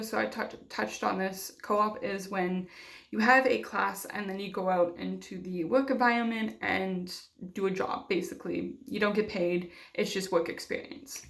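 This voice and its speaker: A young woman talks straight to camera, telling a personal story in a candid, chatty way full of fillers. Her voice has a gravelly, fried edge at a middling pitch. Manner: candid, conversational, many fillers. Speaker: vlogger.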